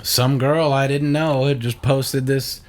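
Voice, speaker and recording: A man's voice: measured pace, noisy background. A young adult man, a church audio engineer, telling stories in a casual interview and acting out quoted lines in a raised voice. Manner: animated, acts out quoted voices with a higher pitch.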